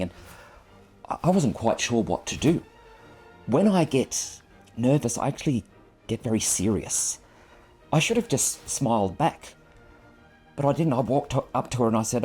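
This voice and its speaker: A man's voice: medium pitch, very animated, brisk, dark tone, husky, soft background music. A man in his fifties, a photographer, tells a personal story in an earnest, reflective and self-deprecating way, speaking into a clip-on microphone.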